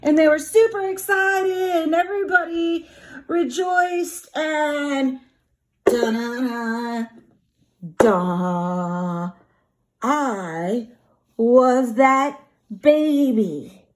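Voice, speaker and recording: A high-voiced woman teaching a class, walking through a story in a breezy, joking tone and tossing in plenty of filler phrases. Her delivery is informal and playful rather than polished. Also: drawn-out words, pauses often. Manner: chatty, playful, full of fillers like blah blah. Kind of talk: casual classroom retelling of a play.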